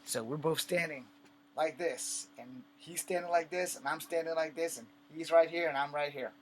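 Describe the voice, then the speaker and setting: This vlogger, a man with a fairly high, steady voice, rants and tells a story to camera at normal speed. His talk is blunt, profane and conversational, and he acts out the scene. A little hiss or hum sits under the recording.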